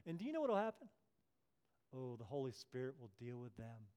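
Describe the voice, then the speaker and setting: A man preaching a sermon as pastor, swinging from hushed prayerful tones to loud emphatic passages and acting out quoted voices. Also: mid-range voice, wildly swooping pitch, a little fast, clean tone.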